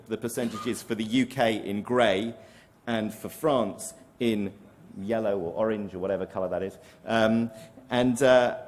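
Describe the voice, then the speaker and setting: A man presenting survey findings at a conference, measured and careful, with occasional ums and restarts. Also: mid-range voice, darkish tone. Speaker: conference speaker. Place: conference hall.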